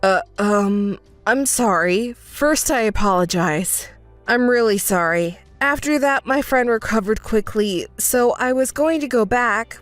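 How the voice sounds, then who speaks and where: A woman's voice: fairly high pitch, unhurried, no echo, faint music behind, close to an everyday voice. A woman voicing an evasive young husband who keeps apologizing and stammering excuses, in a text-story reading. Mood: pleading.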